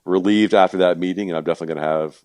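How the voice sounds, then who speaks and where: A man with an extremely deep, low voice talks casually as a guest on a podcast. He keeps it relaxed and joking, padding his sentences with fillers. The recording is dry and close. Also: racing, clear, resonant tone, dry recording. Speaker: event organizer and guest.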